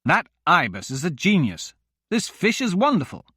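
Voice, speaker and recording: A man's voice: high voice, huge pitch swings, moderate pace, pushed and bright, slightly rough, no echo, pitched above the performer's own voice, exaggerated voice. A cheerful, hungry man, as a male narrator puts him on who exclaims heartily and stretches his words. His voice is raised and lighter than the narrator's, and the reading is dry and close. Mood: hearty.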